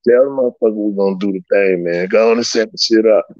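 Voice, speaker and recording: A man's voice: lowish voice, fast talker, no room sound. A man telling old stories in a casual, profane way, laughing often and acting out the dialogue. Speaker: guest recounting old stories. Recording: slightly dull lo-fi sound.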